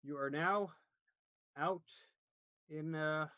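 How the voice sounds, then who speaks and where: A man narrating a tabletop game as game master, pausing often to search for words. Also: on the high side, pushed and bright, dry recording.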